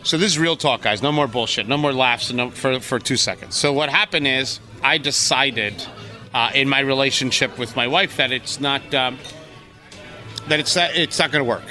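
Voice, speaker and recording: A man's voice: mid-range voice, moderate pace, sharp tone, soft background music. A man co-hosting a podcast, talking in a brash, profane, teasing way. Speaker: podcast co-host. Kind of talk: casual chat.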